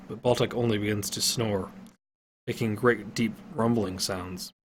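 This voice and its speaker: A man reading an adventure story aloud, steady with occasional slips and self-corrections. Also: lowish voice, unhurried, slight background noise.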